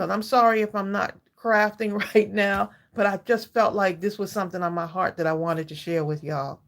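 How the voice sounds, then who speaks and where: A woman in her sixties hosts a live craft stream, chatting warmly with viewers, greeting them by name and laughing often between thoughts. Her medium-pitched voice keeps a fairly even intonation at a moderate pace, with hardly any pauses.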